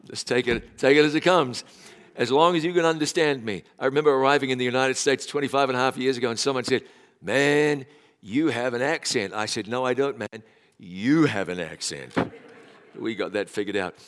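A man's voice: medium pitch, fast talker, fairly bright tone. Kiwi pastor guy, 40s, chatty and joking at himself, big church reverb. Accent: New Zealand, slightly Americanized. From New Zealand. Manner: chatty, self-deprecating, with laughs. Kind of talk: sermon. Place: church hall.

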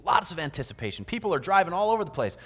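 A man's voice: on the high side, big pitch swings, rapid-fire, fairly bright tone. A man giving a sermon in a church, acting out little everyday scenes with quoted voices. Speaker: preacher. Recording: long hall reverb.

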